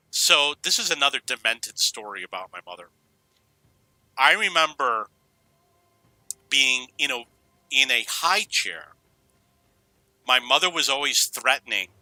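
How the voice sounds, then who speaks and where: A man's voice: mid-range voice, pushed and bright, no room sound, poor audio. A middle-aged man from New York casually telling rambling personal stories, drifting off on tangents. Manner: rambling, digressive, anecdotal. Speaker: storyteller.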